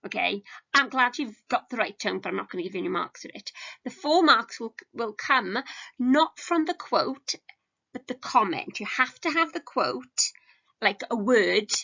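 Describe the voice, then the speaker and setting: A woman's voice: medium pitch, lively intonation, normal speed, vocal fry, pushed and bright, husky, muffled recording. A woman, an English teacher giving a recorded lesson in a chatty, self-deprecating way with many ums. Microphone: home recording for a video lesson.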